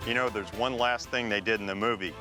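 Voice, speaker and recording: A man's voice: on the low side, steady tone, fast talker. A man casually explaining a team effort and giving verdicts. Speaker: show host. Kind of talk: casual interview. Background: music.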